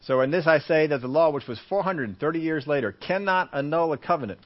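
A man's voice: a little high, animated, fast. A man preaching a Bible teaching sermon, acting out everyday scenes and repeating his points for emphasis. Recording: muffled lo-fi recording.

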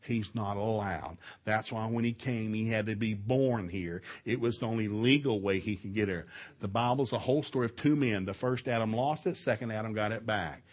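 Husky, folksy preacher man. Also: normal speed. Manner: loud and animated, with big jumps in pitch and volume and laughter at his own stories; folksy storytelling mixed with scripture reading. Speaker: preacher at a marriage seminar. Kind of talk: sermon.

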